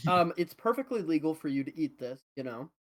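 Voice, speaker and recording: A man's voice: a little high, lively intonation, brisk. A man chatting as a player in a tabletop game, rambling with restarts. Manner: rambling, hesitant. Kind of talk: casual chat.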